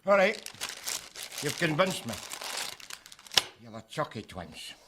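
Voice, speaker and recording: A man's voice: fairly high pitch, big pitch swings, slow pace, background noise. A man playing a scruffy, crude, middle-aged Glaswegian man who mocks people with sarcastic asides. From Glasgow. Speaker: sitcom character. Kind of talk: sitcom acting. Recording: TV clip with music over it.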